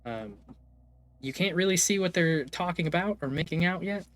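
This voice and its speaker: A man's voice: high voice, lively intonation, moderate pace, fairly bright tone. A man narrating a tabletop game as game master, hesitant and loose, with lots of fillers and the odd swear.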